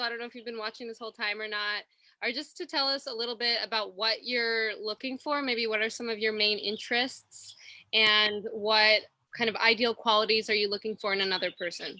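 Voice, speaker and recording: A woman's voice: a little high, bright, forceful tone, dry recording. A woman co-hosting a comedic matchmaking chat on a video call, playful and joking, then asking plain questions. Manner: playful, dropping a put-on Brooklyn accent to ask questions. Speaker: co-host playing a matchmaker. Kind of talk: comedic live-stream chat.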